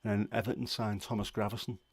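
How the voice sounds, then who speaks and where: Scouse man hosting a casual live chat, lowish voice, dry close sound, rambling with ums. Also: flat delivery, fast talker, slightly rough, no echo. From Liverpool, England. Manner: rambling, chatty, many fillers. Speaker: livestream host. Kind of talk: casual chat answering viewers.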